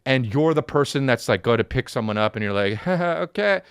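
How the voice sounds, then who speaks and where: A man's voice: medium pitch, a little fast, smooth, dry recording, clean studio sound. A man in his thirties hosting a podcast, telling a comic story with lots of swearing, acting out the people in it. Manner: profane, animated, acts out voices. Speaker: podcast host, comedian.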